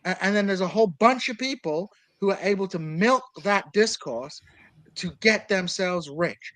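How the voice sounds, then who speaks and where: A man of Kurdish background argues politics in long, winding stretches, full of fillers and restarts. His voice sits a little high for a man. The sound is dry and close, with no room around it. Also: animated, normal speed, a bit bright, no room sound, low-quality recording. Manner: discursive, argumentative, many fillers. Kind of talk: casual political discussion.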